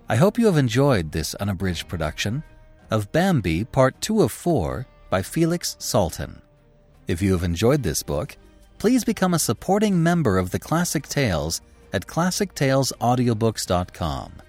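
A man hosting a podcast and giving a measured, expressive reading of a classic story. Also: medium pitch. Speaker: audiobook narrator and podcast host. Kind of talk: scripted audiobook narration.

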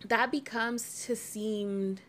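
A woman's voice: a little high, fairly even intonation, slow pace, fairly bright tone, slight background noise. A woman in casual conversation on a podcast, talking animatedly and often ending her points with "right?" and filling with "like". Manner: frequent "like" fillers.

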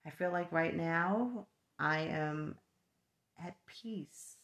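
A woman's voice: low-pitched, drawn-out words, a bit bright. A middle-aged woman with a New York accent, chatting frankly to camera about her life, often tagging lines with "right?" and laughing between thoughts. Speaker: vlogger and mother. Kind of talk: casual reflective talk to camera.

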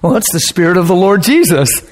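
A man preaching a sermon in an earnest way, building to excited, emphatic peaks. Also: high voice, fairly quick, big-room sound. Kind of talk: sermon teaching.

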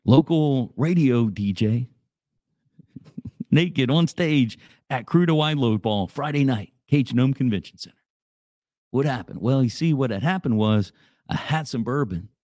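A man's voice: medium pitch, a little slow, long pauses, a little mellow, dry recording, clean studio sound. A man hosting a radio show, chatting casually in a rambling, jokey way. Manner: rambling, jokey, repeats himself.

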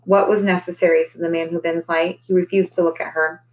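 A woman, a teacher, reading a children's novel aloud with expressive, dramatic storytelling. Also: lowish voice, a little fast, rough recording. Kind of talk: read-aloud storybook narration.

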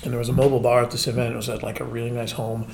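A man's voice: medium pitch, completely flat delivery, racing, gravelly, darkish tone, slight background noise. A man in his forties, a podcast guest telling casual stories in a chatty, self-mocking way. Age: 40s. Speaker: podcast guest, spirits brand manager. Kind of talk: casual storytelling chat.

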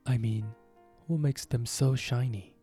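A man doing a deep-voiced, impatient Griffin. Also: a little slow, mellow, husky, faint music behind. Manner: solemn, impatient. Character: impatient, solemn griffin creature.

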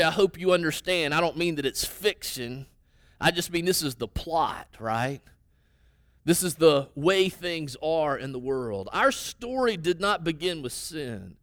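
A man's voice: high voice, fairly bright tone, no room sound, studio quality. A man preaching a sermon as pastor, in a conversational way that often quotes his listeners and checks in with a "right?". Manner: conversational preaching, tag questions, quoting listeners in their voices.

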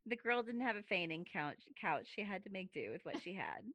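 A woman's voice: mid-range voice, big pitch swings, brisk, fairly bright tone, no room sound. A young woman co-hosting a casual podcast, chiming in with wry jokes. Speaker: podcast co-host. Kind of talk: casual chat.

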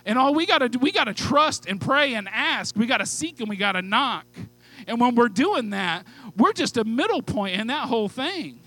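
High-pitched guy preaching hard, pleading, loud then quiet. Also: expressive, normal speed, no echo, faint music behind, low-quality recording. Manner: fervent preaching, pleading asides, shifts from loud to hushed. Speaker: pastor. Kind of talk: sermon.

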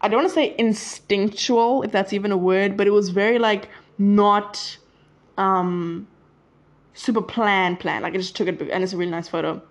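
This is a chatty to-camera vlog from a teenage girl whose rambling talk keeps wandering off track. She has a medium-pitched, steady voice at a normal speed.

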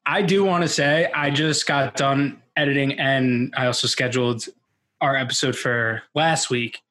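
A man's voice: mid-range voice, steady tone, measured pace, bright, forceful tone. Rambling young podcast co-host man. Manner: rambling, hesitant, laughs often. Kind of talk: casual podcast chat.

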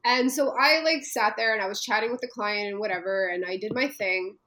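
Earnest woman, halting storyteller. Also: medium pitch, pushed and bright, rough recording. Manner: earnest, halting with many fillers and restarts. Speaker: interview guest. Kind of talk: personal storytelling in a conversation.

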